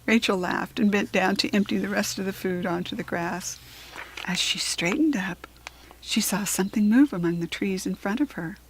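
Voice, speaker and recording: An American woman reading a children's storybook aloud with clear, expressive storytelling. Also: mid-range voice, normal speed, a little hiss or hum. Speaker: children's book reader.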